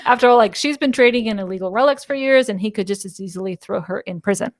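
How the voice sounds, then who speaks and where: A woman co-hosting a book podcast, briskly recapping the plot with wry, dry sarcasm. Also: medium pitch, dry recording. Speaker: podcast co-host. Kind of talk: casual book-club chat, summarizing plot.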